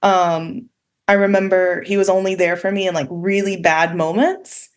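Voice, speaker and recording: A woman's voice: lowish voice, fairly even intonation, moderate pace. A woman who is a podcast guest, speaking candidly about her own experiences, with frequent fillers and the odd swear word. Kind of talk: casual personal storytelling.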